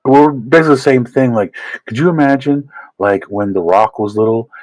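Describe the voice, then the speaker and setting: A man co-hosting a casual comedy podcast, talking in a halting way with repeated words and profanity. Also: medium pitch, darkish tone, no echo, poor audio. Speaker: podcast co-host.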